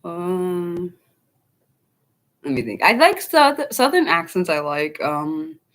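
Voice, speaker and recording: A woman's voice: lowish voice, very animated, slow, a bit bright. A young woman from the United States hosting an unscripted livestream, rambling casually to her chat with many ums and restarts. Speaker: livestream host.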